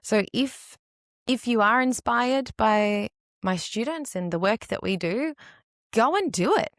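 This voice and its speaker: A woman in her thirties hosting a solo podcast, talking candidly and with feeling, her voice brightening whenever she quotes other people. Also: fairly high pitch, a little slow, no echo, studio quality. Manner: earnest, candid, animated when quoting others. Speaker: podcast host and dance teacher.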